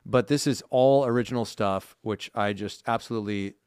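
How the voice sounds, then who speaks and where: A man's voice: fairly low pitch, moderate pace, clear, resonant tone, dry recording. Playful man co-hosting a dry podcast. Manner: playful, animated gift-giving banter. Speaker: podcast co-host. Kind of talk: casual chat.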